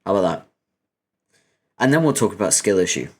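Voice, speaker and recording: A man's voice: sits low, very animated, a little fast, darkish tone, slightly rough. A British man chatting casually and teasing his audience with profane banter between readings. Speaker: webcomic reader and streamer. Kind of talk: casual chat.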